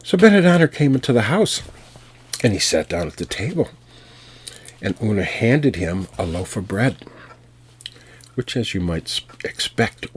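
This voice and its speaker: An American man working as a storyteller, telling a folk tale in an unhurried, folksy way with fillers and restarts. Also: sits low, fairly bright tone, breathy edge. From United States.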